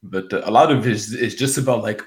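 A laid-back man trading dry quips and chuckles in casual comedic chat. His voice is of middle pitch and carries a noticeable roomy echo. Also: fast.

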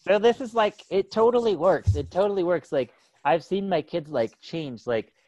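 Rambling dad on a podcast, dry sound. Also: male voice, high-pitched, lively intonation, normal speed, a little mellow, no echo, lo-fi sound. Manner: rambling, loaded with "like" and "right?", laughing often. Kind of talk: casual chat.

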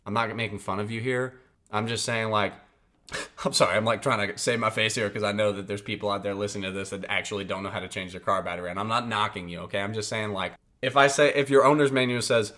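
A man's voice: fairly low pitch, steady tone, fast talker, bright, forceful tone. A man hosting a podcast, giving casual advice in a blunt, profane, emphatic way and often checking in with his listeners. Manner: conversational, checks in with "right?" and "okay?". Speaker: podcast host.

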